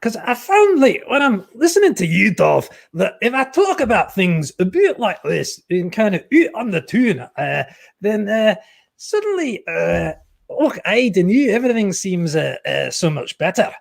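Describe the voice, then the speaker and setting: A man's voice: sits high, big pitch swings, unhurried, gravelly, pitched above the performer's own voice, full character voice. A man doing a playful, over-the-top mock Glaswegian accent in a sing-song tune.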